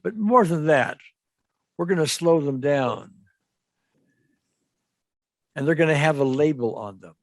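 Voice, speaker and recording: A man working as an EFT practitioner, talking a client through a guided imagery exercise with slow, gentle, repetitive coaching. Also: fairly high pitch, lively intonation, no echo. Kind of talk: guided imagery therapy session.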